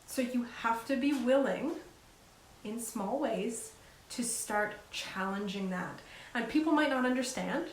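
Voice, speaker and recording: A woman's voice: a little high, a little slow. A woman life coach giving casual, encouraging advice in an earnest, conversational way. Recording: echoey room with faint hiss.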